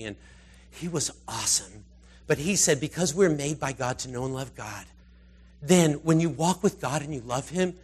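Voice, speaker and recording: Husky-voiced man preaching casually. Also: fairly high pitch. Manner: conversational, animated, acts out scripture quotes. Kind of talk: informal sermon.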